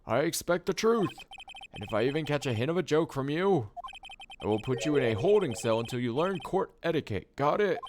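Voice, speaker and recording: A man's voice: a little high, animated, background noise, pitched above the performer's own voice, natural voice. A man putting on a formal, stern old judge. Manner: slow, formal, mildly scolding. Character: stern elderly male courtroom judge. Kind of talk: let's play voice acting. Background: game music.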